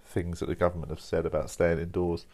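A man's voice: low-pitched, little pitch movement, fast, warm tone. A young man rambling casually over coffee, informal and sweary, dropping "mate" and "like" as he talks. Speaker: podcast host.

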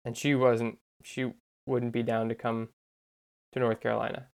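A podcast co-host in casual chat, teasing the other host with quick, dry comebacks. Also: medium pitch, flat delivery, creaky.

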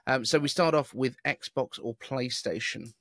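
Chatty British podcast host, dry sound. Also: male voice, mid-range voice, a little slow, fairly bright tone, no room sound. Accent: neutral southern British. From southeast England. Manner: chatty, rambling, self-deprecating. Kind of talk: casual chat.

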